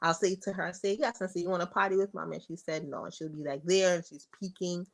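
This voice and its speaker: A woman's voice: fairly even intonation, quick pace. A woman on a podcast talking frankly about being a mother of a toddler, acting out her talks with her daughter in a raised voice. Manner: frank, acts out dialogue with her daughter in a high voice. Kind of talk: casual interview storytelling.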